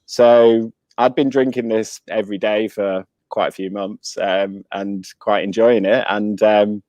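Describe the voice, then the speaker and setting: Give me a relaxed, low-voiced man telling his story. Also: a little slow, dry recording. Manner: relaxed storytelling with frequent ums. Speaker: guest speaker, rum company director. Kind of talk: casual webinar interview.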